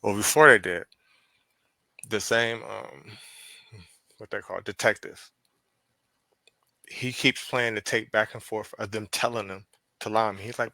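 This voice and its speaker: Pennsylvania guy swearing thru a story, low voice, punchy, dry mic. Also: measured pace, vocal fry, pauses often, dry recording. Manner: profane, animated retelling with quoted dialogue. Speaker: podcast guest. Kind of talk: casual storytelling.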